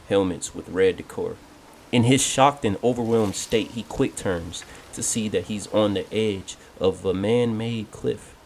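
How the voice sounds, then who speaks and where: A man narrating a fan-made game story in a steady, descriptive storytelling manner. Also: fairly low pitch, a little hiss or hum. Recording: loud music under the voice.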